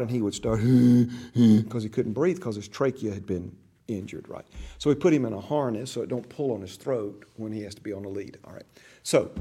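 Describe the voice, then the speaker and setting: A man's voice: medium pitch, warm tone, slightly rough. An older man with grandchildren teaching a church discipleship class, conversational and storytelling, acting out voices in his stories.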